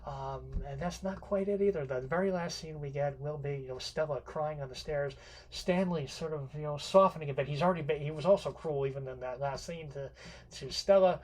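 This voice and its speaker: A man's voice: on the high side, brisk. A man giving an unscripted literature lecture, rambling with many fillers and restarts and some casual swearing.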